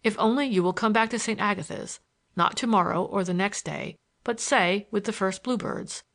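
A woman reading a storybook, voicing a bold young gentleman who talks with confident, teasing assurance. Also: mid-range voice, normal speed, vocal fry. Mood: earnest. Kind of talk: audiobook character voice.

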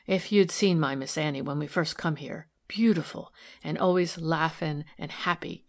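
A woman's voice: low-pitched, normal speed. A woman reading a proud, resentful old housemaid. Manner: plain servant's dialect, blunt. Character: stout loyal older housemaid, proud, resentful. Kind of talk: audiobook character reading.

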